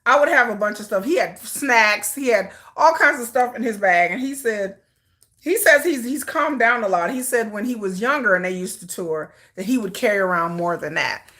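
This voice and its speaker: A woman's voice: mid-range voice, lively intonation, normal speed, pushed and bright. A woman from Detroit hosting a casual livestream chat, chatty and sassy, laughing often. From Detroit, United States. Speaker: K-pop livestream host. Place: home, at a computer with a ring light.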